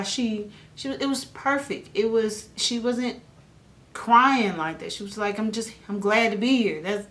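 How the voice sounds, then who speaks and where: A woman, casually telling her own birth story on a family vlog, animated, and jumping her voice up when she imitates other people. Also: medium pitch. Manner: animated, mimics others with a raised voice. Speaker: vlogger and mother.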